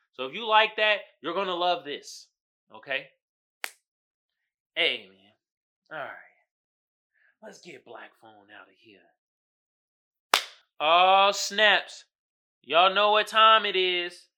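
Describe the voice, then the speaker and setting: A man hosting a podcast, recapping a horror movie and reading memes in a casual, animated monologue, swearing freely and breaking into loud shouted impressions. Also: sits high, takes it slowly, pauses often, a little hiss or hum. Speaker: podcast host.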